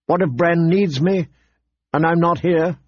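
A man's voice: a little high, unhurried, slightly rough, dry recording, muffled recording, pitched above the performer's own voice. A man reading aloud, voicing an anxious middle-aged noblewoman who pleads to stay by her son. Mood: anxious pleading. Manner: pleading, worried.

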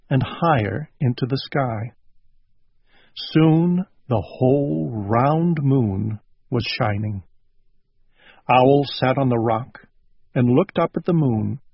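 A man reading a children's storybook aloud in a slow, gentle way. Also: mid-range voice, creaky, slightly rough, no echo. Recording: dull lo-fi recording.

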